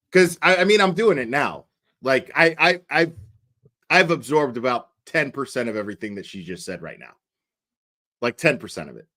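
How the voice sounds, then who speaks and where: A man's voice: mid-range voice, expressive, normal speed, sharp tone. A man giving casual reaction commentary, rambling, sarcastic and heavy on swearing. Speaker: reaction streamer.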